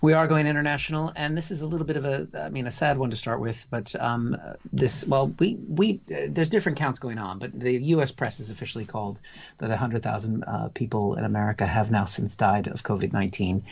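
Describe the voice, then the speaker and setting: Gravelly, husky comedy co-host man. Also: medium pitch, steady tone, fairly quick, lo-fi sound. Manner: wry, rambling asides. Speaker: co-host of comedy news show. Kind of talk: casual comedic chat.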